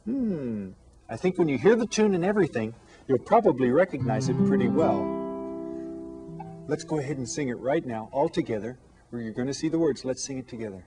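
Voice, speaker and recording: A man teaching an elementary Spanish lesson to children, with slow, clear, patient speech that switches between English and Spanish. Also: medium pitch, expressive, over music.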